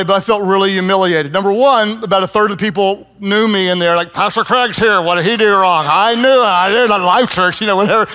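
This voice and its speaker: A man in his fifties preaching a sermon, telling stories with lively, self-mocking humor. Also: high voice. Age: 50s. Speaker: pastor.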